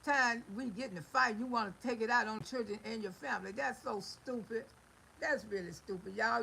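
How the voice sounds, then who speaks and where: A woman's voice: a little high, moderate pace, creaky, pushed and bright, slight background noise, poor audio. A middle-aged woman hosting a livestream, chatting with viewers in a folksy, scolding way and telling stories. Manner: folksy, scolding, storytelling with laughs and exclamations. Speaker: livestream host. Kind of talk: casual livestream talk to viewers.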